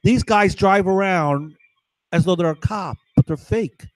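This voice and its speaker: A man's voice: sits high, a little slow, no room sound, low-quality recording. A man in an agitated, rambling monologue, repeating himself and swearing often. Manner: agitated, profane, repetitive. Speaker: vlogger.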